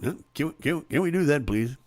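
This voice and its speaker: A man's voice: on the high side, lively intonation, moderate pace, a little mellow, no room sound, close to an everyday voice. A man voicing a nervous male country backing-band musician who stammers and pleads. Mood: nervous pleading.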